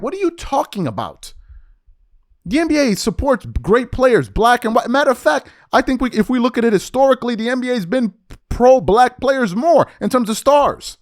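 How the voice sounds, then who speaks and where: Man, high voice, heated sports commentary rant, blunt and repetitive, dry sound. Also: animated, a little fast, dry recording. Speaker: commentary host.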